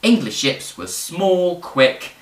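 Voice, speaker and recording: A man presenting history in casual educational storytelling, animated and rambling, with fillers and jokes. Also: on the high side, slow pace. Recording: roomy, distant mic.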